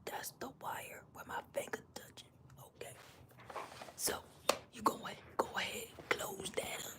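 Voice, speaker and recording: A woman's voice: a little slow, close to an everyday voice. A woman putting on an accented persona for a whispered role-play tool demonstration, playful and step-by-step. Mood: playful demo. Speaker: craft demonstrator.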